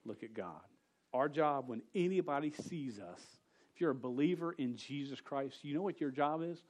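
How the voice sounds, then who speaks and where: A man preaching a casual sermon to a youth group. He tells a story with jokes and quick asides. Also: a little high, darkish tone. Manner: storytelling, joking, rapid asides.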